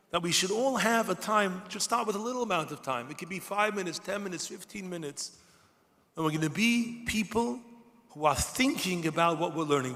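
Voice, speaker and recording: A man giving a sermon to a large gathering as a rabbi, impassioned and building to shouted cries. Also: high-pitched. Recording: long hall reverb.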